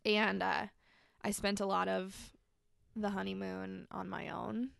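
A woman's voice: medium pitch, level tone, unhurried, vocal fry, fairly bright tone, no room sound, clean studio sound. A young woman telling her personal story as a podcast guest, candid and conversational, full of "like" fillers. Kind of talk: personal testimony in a podcast interview.

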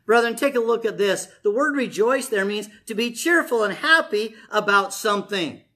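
A man's voice: high voice, expressive, moderate pace, sharp tone. A man preaching a conversational sermon to his congregation, telling stories and acting out quoted voices.

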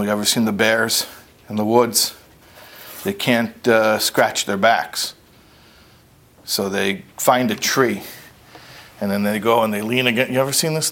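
A man giving a conversational lecture, telling a parable in an animated, plain-spoken way. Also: lowish voice, a little slow, pauses often. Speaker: speaker. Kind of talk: storytelling lecture.

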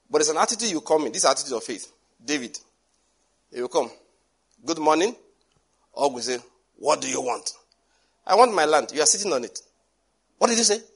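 A male preacher delivers a lively sermon, acting out characters and switching voices as he tells the story. His voice sits a little high for a man and has a husky edge. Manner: animated, acts out dialogue with shifting voices and laughs.

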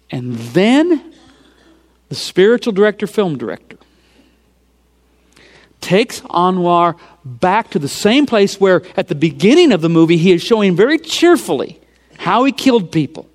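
A man preaching, retelling a film scene by scene in an animated storytelling sermon and dropping to hushed near-whispers for emphasis. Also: high-pitched, measured pace, long pauses.

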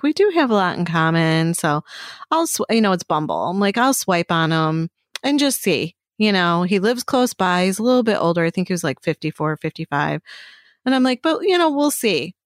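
A woman co-hosting a podcast, telling stories in an animated way and swearing freely. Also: lowish voice, no echo, clean studio sound. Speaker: podcast co-host. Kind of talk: casual chat. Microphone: studio microphone.

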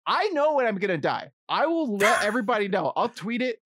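A man's voice: sits high, sing-song, a little fast, a bit bright, dry recording. Guy chatting about movies, playful and joking, voice bounces around, dry sound. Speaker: podcast co-host. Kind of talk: casual movie chat.

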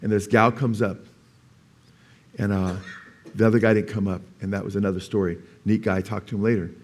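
A male pastor giving a sermon, telling a story in an animated way and rising to emphatic preaching, with calls of "amen?" to the congregation. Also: on the low side, brisk. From California.

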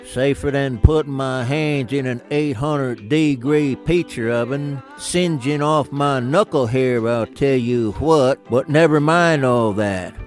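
A man's voice: mid-range voice, takes it slowly, hardly any pauses, faint music behind, natural voice. A man voicing a good-natured redneck in a radio promo, with a drawling, ungrammatical country manner. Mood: folksy.

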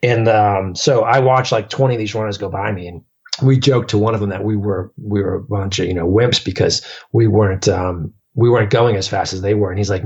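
A man's voice: fairly low pitch, fairly even intonation, brisk, breathy edge, muffled recording. A man telling long stories in casual chat as a podcast guest, rambling with many fillers and restarts.

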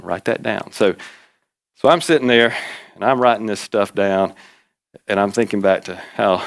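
Folksy male preacher, low voice. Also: moderate pace, vocal fry, pauses often, no echo. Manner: folksy storytelling with laughs and emphatic repetition. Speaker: pastor. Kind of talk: sermon.

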